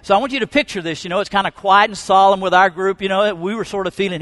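A middle-aged pastor preaching a sermon, telling stories with fervor. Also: male voice, high-pitched, fast, fairly bright tone. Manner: storytelling, fervent preacher. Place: church sanctuary.

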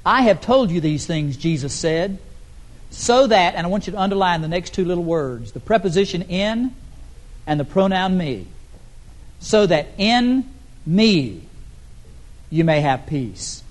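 High-voiced preaching pastor, a man. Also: animated, moderate pace. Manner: emphatic preaching with sudden loud rises and soft drops. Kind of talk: sermon.

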